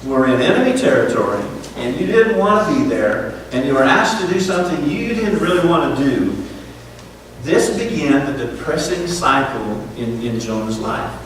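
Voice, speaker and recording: A man preaching a sermon as pastor, animated, who keeps checking in with the congregation with "okay?" and "right?". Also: mid-range voice, moderate pace, a little hiss or hum. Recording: echoey hall, voice from far off.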